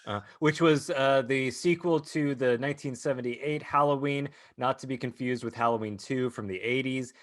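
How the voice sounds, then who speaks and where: Man, podcast co-host, casual wry chat, mid pitch, dry close sound. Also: normal speed, hardly any pauses, no echo. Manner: wry, dryly amused, laughs easily.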